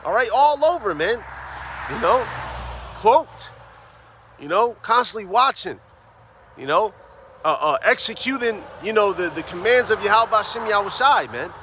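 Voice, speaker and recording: A man preaching on the street, fervent, tagging phrases with "man" and "all right?" and reading scripture slowly and emphatically. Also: high voice, animated, background noise. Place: outdoors on a city street.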